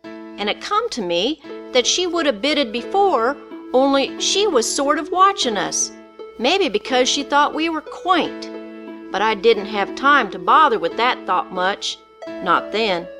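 A woman's voice: on the high side, animated, a little slow, over music. A woman narrating a story in the first person with folksy, rural dialect speech.

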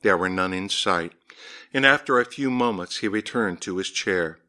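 A man reading a story aloud, raising his voice higher when the characters speak. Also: moderate pace, pushed and bright. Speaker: narrator.

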